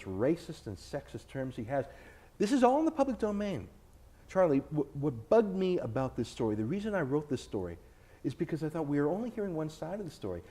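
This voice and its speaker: A man with a medium-pitched, dark voice sits indoors for a filmed interview as an author and TV host. He makes his case in an emphatic, combative way.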